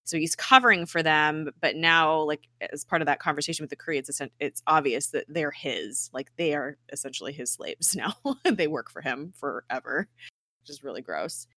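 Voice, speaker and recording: Bright chatty woman recapping a show. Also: sits low, animated, normal speed, dry recording, studio quality. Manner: chatty, laughs often, many fillers. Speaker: podcast co-host recapping an episode. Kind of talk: casual episode recap.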